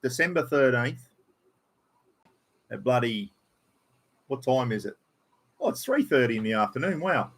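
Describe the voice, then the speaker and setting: A man's voice: medium pitch, animated, brisk, a bit bright, breathy edge. Laid-back Australian man on a livestream. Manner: laid-back, swears casually, reads out viewer names. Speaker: livestream host. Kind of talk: casual livestream chat. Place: at home indoors. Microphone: computer livestream.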